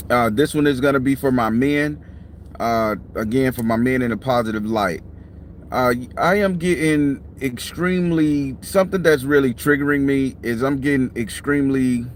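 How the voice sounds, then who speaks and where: A middle-aged tarot reader and channel host talks casually and bluntly to camera from a parked car, tired, yawning and swearing plenty. His voice is medium in pitch, recorded on a clip-on mic with slight background noise.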